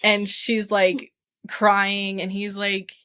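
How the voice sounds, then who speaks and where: A woman's voice: mid-range voice, completely flat delivery, slow pace, bright, forceful tone, smooth. Woman, book club podcast co-host, casual chat, retells scenes in quoted dialogue, swears freely.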